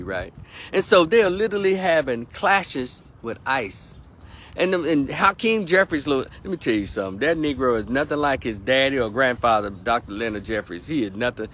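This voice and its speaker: A man's voice: medium pitch, a bit bright. A man delivering a heated, profane opinion rant as a political commentator, hammering points home by repeating them. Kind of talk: ranting opinion vlog.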